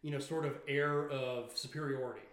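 A man co-hosting a podcast, giving measured, thoughtful takes on films. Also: mid-range voice, steady tone, over a noisy crowd. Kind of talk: casual film discussion. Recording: roomy echo.

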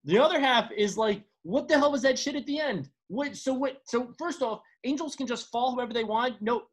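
A man co-hosting a casual movie podcast, ranting with sarcastic exasperation and swearing. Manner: rapid pitch swings, sarcastic. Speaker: podcast co-host. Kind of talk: casual movie-review chat.

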